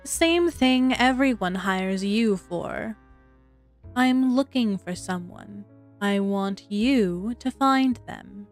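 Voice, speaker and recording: A woman voicing a tall, elegant female witch who speaks in a calm, commanding way, slow and measured. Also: medium pitch, faint music behind. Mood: poised.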